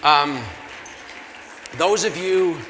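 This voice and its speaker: A Canadian man hosts a gala from the stage, spinning an animated, self-mocking story in a bright, forceful voice that sits a little high. His voice rings through a big hall with a long reverb tail, and a faint hum of the room sits underneath. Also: drawn-out words. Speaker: gala emcee. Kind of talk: comic storytelling to an audience. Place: large convention hall. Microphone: handheld stage mic through PA.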